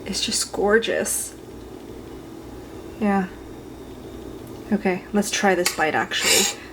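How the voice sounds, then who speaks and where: Slow-talking woman gushing over food. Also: mid-range voice, animated, fairly bright tone, slight background noise. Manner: gushing, enthusiastic about food. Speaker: food vlogger. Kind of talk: casual cooking vlog.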